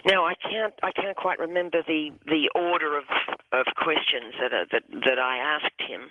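A hypnotherapist telling a long story on a radio call-in, halting and restarting phrases often, heard over a telephone line. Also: mid-range voice, noisy background. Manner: halting, with many restarts and repeated words. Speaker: hypnotherapist guest.

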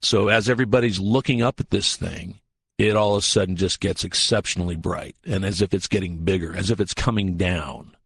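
In a dry recording, a researcher appearing as a guest on a radio show tells a lengthy story in a lowish male voice. His telling is casual and lively, full of acted-out quotes, fillers, and restarts.

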